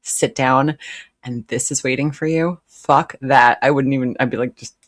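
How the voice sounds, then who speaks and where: A woman's voice: a bass voice, steady tone, moderate pace, slight background noise. A woman hosting a live reaction stream, commenting bluntly and sarcastically. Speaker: reaction host.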